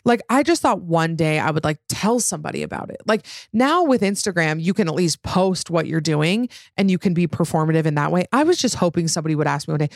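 A woman in her thirties hosting a podcast, chatting casually and reading out listener stories with animated, quick asides. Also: fairly low pitch, no echo, clean studio sound. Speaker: podcast host.

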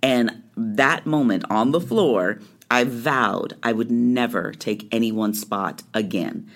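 Animated woman telling her life story. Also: very deep voice, slow pace. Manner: animated storytelling, acting out quoted lines. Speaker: guest. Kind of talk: conversational interview storytelling.

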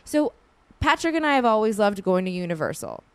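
A woman with a very animated, clean, mid-range voice hosts a podcast with no echo, chatting casually and including an ad read. She is slangy and chatty, full of fast asides and frequent "like"s.

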